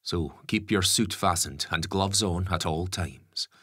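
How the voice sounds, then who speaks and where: A practical engineer gives instructions in a matter-of-fact tone, as a male narrator plays him. The voice is very deep and husky. It is recorded close and dry. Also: unhurried, fairly bright tone, no room sound, exaggerated voice.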